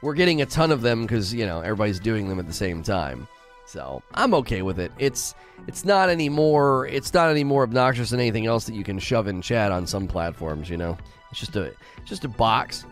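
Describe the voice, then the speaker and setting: Animated rambling stream host, a man. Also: mid-range voice. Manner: animated, rambling, repeats himself. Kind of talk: casual live-stream chat.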